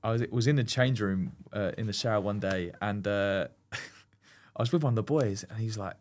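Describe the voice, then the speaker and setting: Rambling former goalkeeper. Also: male voice, lowish voice, moderate pace. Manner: rambling, animated storyteller with many fillers and restarts. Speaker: former goalkeeper, podcast guest. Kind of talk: casual storytelling chat.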